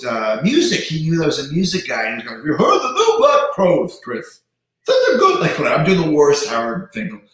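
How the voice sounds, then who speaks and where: A man runs an informal livestream chat, lively and quick to restart his thoughts. His impressions of other voices bring big pitch jumps, and the recording space is very echoey.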